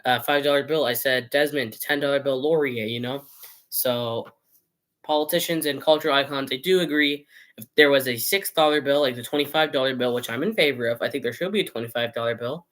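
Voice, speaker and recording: A man's voice: medium pitch, brisk, a bit bright. A man giving his views in a casual vlog to camera. He rambles, argues with imagined viewers and changes his mind as he goes. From Canada. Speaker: vlogger. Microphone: camera mic, showing items on camera.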